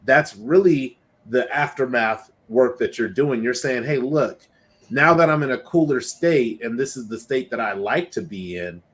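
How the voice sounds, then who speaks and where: A man hosting a casual panel, speaking in a reflective, coaching way. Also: medium pitch.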